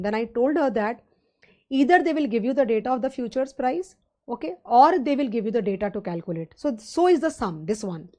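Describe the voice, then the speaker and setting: Mellow-voiced Indian woman lecturing. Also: a little high, animated, brisk. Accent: Indian English. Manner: conversational, rambling teaching with fillers and rhetorical questions. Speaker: finance lecturer. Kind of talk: live online lecture.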